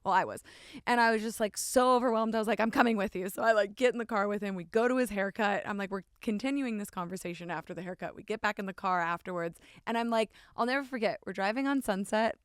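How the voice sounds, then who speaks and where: Chatty woman, smooth and dry. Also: mid-range voice, quick pace, dry recording. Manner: animated, says "like" a lot, acts out her own past lines. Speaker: podcast guest. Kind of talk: casual storytelling chat.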